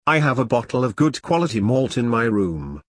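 Brief: husky, dry-voiced man playing a tough army captain, clipped orders, lively delivery. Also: mid-range voice, brisk, no room sound. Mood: gentle. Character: gruff male army captain, stern but caring.

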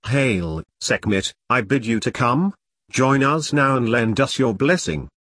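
A man voicing a hulking, pompous male cult leader who booms theatrically and speaks with contempt. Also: animated, a little slow, fairly bright tone, no room sound, studio quality. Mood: booming.

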